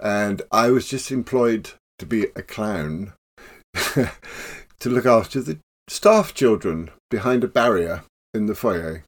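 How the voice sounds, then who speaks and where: An older man, a professional clown telling stories in a relaxed interview. He laughs often and acts out the voices in his tales. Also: on the low side, slow pace. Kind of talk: casual storytelling interview.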